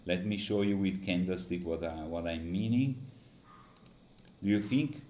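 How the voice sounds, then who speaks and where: A man's voice: low-pitched, unhurried, warm tone. A tired, frustrated man giving live market commentary on a trading stream. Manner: frustrated, complaining. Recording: echoey room, faint noise.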